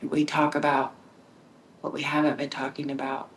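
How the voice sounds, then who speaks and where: A woman hosting her own podcast, talking in a reflective solo monologue, musing and sometimes dropping into a soft whisper, with frequent restarts when she gets excited. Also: deep voice, moderate pace, a little hiss or hum, poor audio. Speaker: podcast host and author.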